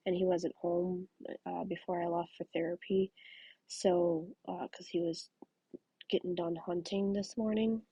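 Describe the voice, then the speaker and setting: A woman chatting casually at home while she crochets, telling rambling stories and dropping into soft asides. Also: on the low side, husky, no echo, highs cut off. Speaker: crafting vlogger. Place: home craft room.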